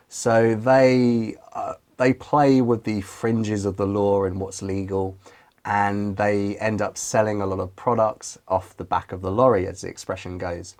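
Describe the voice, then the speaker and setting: Man, from London, fairly low voice, casual teaching, chatty. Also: a little mellow. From London, England. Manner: chatty, explains with examples. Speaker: IELTS teacher, co-host. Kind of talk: casual lesson and mock speaking answer.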